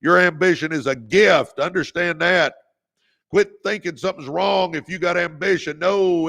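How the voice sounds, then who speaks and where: A man's voice: on the high side, vocal fry. A man past forty, hosting a motivational livestream with a fervent, preacher-like delivery. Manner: preacher-like, fervent, calls viewers baby, shouts encouragement. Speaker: livestream host.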